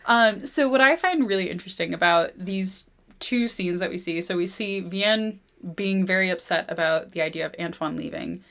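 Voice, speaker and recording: A woman hosting a book podcast, reading a novel aloud and chatting, animated with many "like"s. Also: fairly low pitch, normal speed. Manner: animated retelling, heavy use of "like". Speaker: podcast host.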